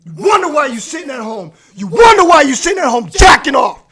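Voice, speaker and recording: A man with a very high voice rants on a live stream from his man cave, cursing and shouting. His voice is hoarse and worn from the yelling. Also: sing-song, a little fast. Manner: aggressive profane shouting rant.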